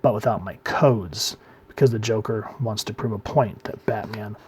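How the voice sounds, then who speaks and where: Relaxed man reviewing a comic. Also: fairly low pitch, normal speed, husky. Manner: relaxed, trails off quietly at phrase ends.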